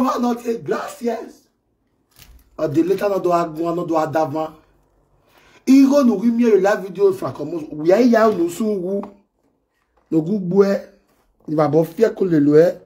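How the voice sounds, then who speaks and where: A man doing a comic live-stream rant, excitable and mocking as he acts out imagined scenes. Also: high-pitched, normal speed, pauses often. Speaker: comedy live video host. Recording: echoey room.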